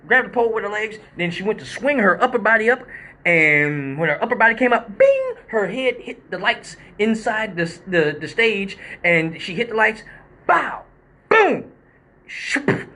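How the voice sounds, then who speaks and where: A man with a high-sitting voice hosts a live show, telling a story in a casual, animated, profane style. He acts out the quotes and sound effects as he goes.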